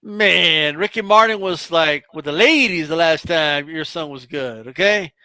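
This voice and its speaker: A man's voice: on the high side, a little slow, sharp tone, clear, resonant tone, no echo. A man co-hosting a boxing show, teasing his partner in casual comedic banter and saying "bro" constantly. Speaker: co-host.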